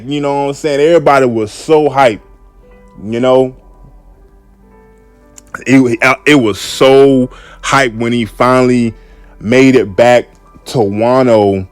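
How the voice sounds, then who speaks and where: A man's voice: medium pitch, unhurried, no echo, faint music behind. A man hosting a casual solo podcast, laid-back and repetitive, often saying "man". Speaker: podcast host.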